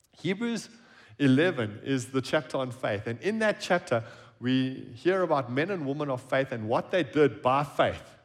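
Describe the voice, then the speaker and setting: Man, pastor, church sermon, animated delivery, slightly high voice, soft hushed drops. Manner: expressive preaching, drops to a hushed tone on key phrases. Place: church service.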